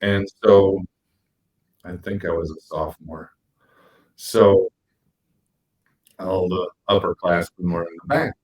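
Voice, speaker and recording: A man co-hosting a podcast, telling animated stories and acting out quotes with big jumps in his voice. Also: low-pitched, takes it slowly, long pauses, rough recording. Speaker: podcast co-host. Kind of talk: casual storytelling chat.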